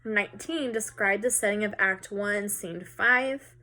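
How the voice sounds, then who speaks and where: A woman's voice: mid-range voice, unhurried, bright, forceful tone. Casual woman teacher explaining a lesson. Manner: casual, conversational, with fillers. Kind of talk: recorded lesson walkthrough.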